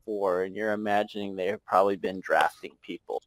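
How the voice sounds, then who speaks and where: A man narrating a tabletop game as game master, halting and chuckling as he goes. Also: deep voice, fairly even intonation, no room sound. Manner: halting, many fillers and restarts, chuckling.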